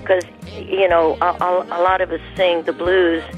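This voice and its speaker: A woman, a guest singer on a radio interview, speaking in halting phrases with frequent restarts. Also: lowish voice, little pitch movement, muffled recording, faint music behind. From American South.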